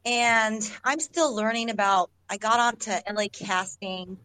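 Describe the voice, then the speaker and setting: A woman's voice: mid-range voice, unhurried, sharp tone, no echo, poor audio. Woman actress rambling thru a story, laughy and chatty, dry close sound. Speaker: actress guest. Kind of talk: casual storytelling in an interview.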